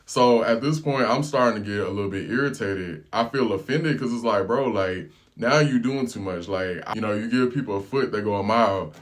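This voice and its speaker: A man telling a casual story as a travel vlogger, animated and full of slang. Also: on the low side, a little fast, few pauses.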